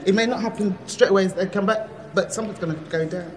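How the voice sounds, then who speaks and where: A woman's voice: medium pitch, fast, poor audio. A woman audience member answering in a casual chat, giggly and conspiratorial. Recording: crowd heard behind.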